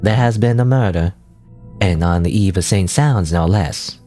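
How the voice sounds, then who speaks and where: A man voicing a stern, devout nun with an imitated Southern US accent, speaking slowly and gravely. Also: low-pitched, warm tone, soft background music.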